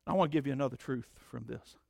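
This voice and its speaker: A man preaching a sermon as pastor, swinging between loud emphatic declarations and low conversational asides. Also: quick pace, gravelly, breathy edge, no room sound, studio quality.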